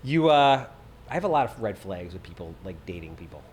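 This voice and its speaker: A man's voice: deep voice, big pitch swings, brisk, slight background noise. A middle-aged man hosting a podcast, chatting casually with blunt, opinionated remarks and free swearing. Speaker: podcast host. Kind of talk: casual chat.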